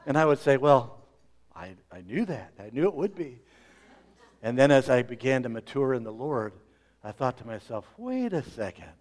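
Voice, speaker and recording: A middle-aged man preaching a sermon as pastor, swinging between loud emphasis and quiet asides. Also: mid-range voice, sing-song, moderate pace.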